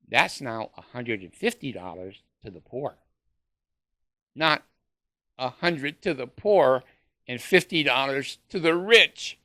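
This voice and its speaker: A man's voice: mid-range voice, vocal fry, bright, forceful tone, no echo, studio quality. A man ranting in a sarcastic monologue, mocking with short laughs and stumbling over fillers. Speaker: former church member ranting to camera.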